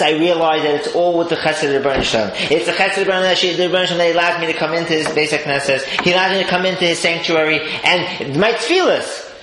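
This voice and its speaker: A man giving a sermon-style Torah talk, telling stories lively swings between high exclaims and low murmurs. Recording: echoey room with faint noise.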